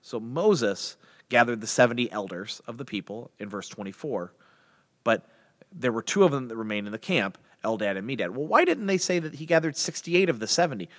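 A man's voice: mid-range voice, a little fast, in a large hall. A man giving a casual, conversational Bible teaching, acting out the characters with voices. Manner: conversational, animated, acts out biblical characters in voices.

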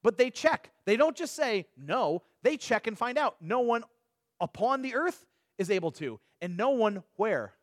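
Leading a Bible study in a chatty way, this man poses rhetorical questions, draws on everyday examples, and keeps quickly restarting and repeating words. He has a very high, very animated voice, recorded cleanly in a studio with no echo.

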